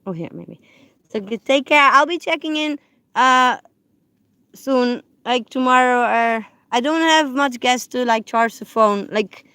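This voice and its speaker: A woman chatting on a live stream from her parked car, rambling with many fillers and restarts, and softly cooing to her dogs. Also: high-pitched, lively intonation, unhurried, clear, resonant tone, no room sound. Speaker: livestreamer. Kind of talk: casual live-stream chat. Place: parked car on public land.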